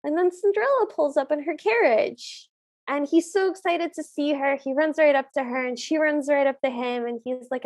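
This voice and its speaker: An enthusiastic woman co-host recapping a film in relaxed podcast chat. Her voice sits noticeably high, and she narrates scenes eagerly. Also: moderate pace. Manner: enthusiastic, retells scenes with quoted lines.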